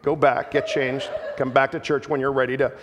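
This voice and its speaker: A man's voice: mid-range voice, flat delivery, a little fast, big-room sound, background noise, natural voice. A man playing a fault-finding church greeter who curtly scolds people at the door. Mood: scolding. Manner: curt, scolding.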